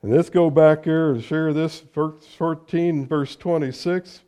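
Man, pastor, middle-aged, sermon, mellow warm tone, loud scripture readings, quiet chatty asides. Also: fairly high pitch, steady tone, measured pace, hardly any pauses, highs cut off. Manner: preaching with loud rises on scripture, dropping to quiet conversational asides.

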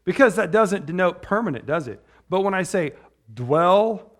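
Chatty preacher, slightly high voice. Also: male voice, lively intonation, fairly quick. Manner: chatty, tags lines with "right?"; rambling with restarts. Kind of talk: informal sermon.

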